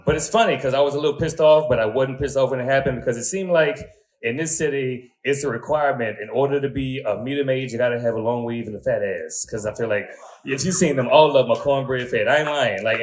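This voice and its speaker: A man's voice: medium pitch, fast talker. A man in his thirties working a stand-up crowd. He talks in an easy, conversational way, leans into crude punchlines, and keeps tossing short asides to the audience. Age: 30s. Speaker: stand-up comedian. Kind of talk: stand-up comedy set.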